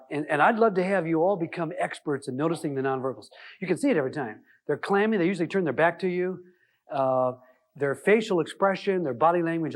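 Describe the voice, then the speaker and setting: Guy running a relationship seminar, kinda high voice, tells stories and does the back and forth, lots of uhs. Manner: storytelling, acting out quoted dialogue; conversational, with frequent "uh" fillers. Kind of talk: live seminar talk to an audience.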